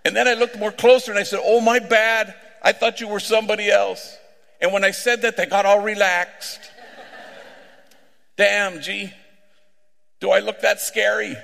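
A man voicing a huge, hulking ex-gang member with a very loud, blunt voice, told within a sermon story. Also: sits high, fairly even intonation, moderate pace, creaky, pauses often, voice pushed up. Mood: boisterous. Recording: long hall reverb.

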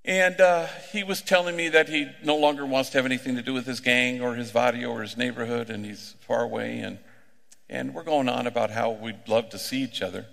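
A middle-aged man, a priest, preaching a sermon through unhurried, conversational stories, slipping in Spanish slang. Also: mid-range voice, fairly even intonation, vocal fry, a bit bright. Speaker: priest working with gang members. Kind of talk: sermon with storytelling. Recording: echoey hall with long reverb.

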